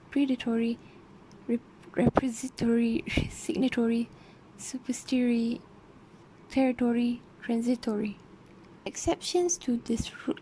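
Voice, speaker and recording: Mellow-voiced woman reading word lists. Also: on the high side, rough recording. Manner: steady reading of word lists, at times whispered. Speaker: student presenter. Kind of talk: reading a phonetics presentation. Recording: faint background noise.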